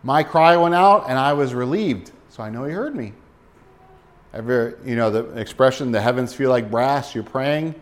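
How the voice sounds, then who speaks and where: A man's voice: mid-range voice, lively intonation, moderate pace. A man preaching a sermon as pastor, speaking directly to listeners and asking them rhetorical questions.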